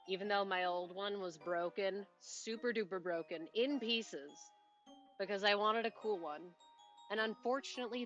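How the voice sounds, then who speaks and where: Bright, chatty woman game streamer. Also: medium pitch, lo-fi sound. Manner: rambling, self-interrupting, chatty with little laughs. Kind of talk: casual live-stream chat while playing.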